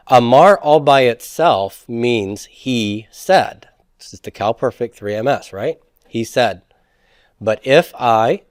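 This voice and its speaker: A man at an ordinary middle pitch gives a grammar lecture. He talks things through by posing questions and then answering them. The sound is dry and close, with no room echo. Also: animated, unhurried. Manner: explanatory, asks rhetorical questions and answers them. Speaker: Hebrew instructor. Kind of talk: classroom lecture.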